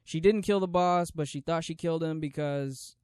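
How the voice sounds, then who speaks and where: A man's voice: on the high side, normal speed, a little mellow, clean tone, dry recording, studio quality. A man hosting a solo podcast, reviewing movies in a casual, rambling way with lots of restarts and slang. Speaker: podcast host.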